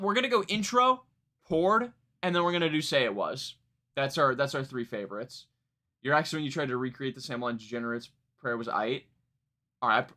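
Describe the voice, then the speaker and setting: A man's voice: medium pitch, sharp tone. A man reviewing music on a live stream, chatting casually and rambling, often starting over and laughing at himself. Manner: rambling, many fillers and restarts, laughs at himself. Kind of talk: live stream reaction chat.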